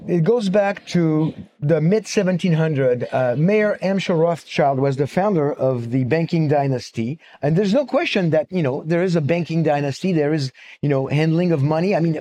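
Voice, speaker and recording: Man speaking at a mic with slides, voice a touch high, casual and rambling, with lots of ums and restarts. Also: animated, moderate pace, warm tone. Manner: conversational and digressive, with many fillers and restarts. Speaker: speaker giving a talk on antisemitism. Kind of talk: live lecture with slides. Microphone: fixed microphone.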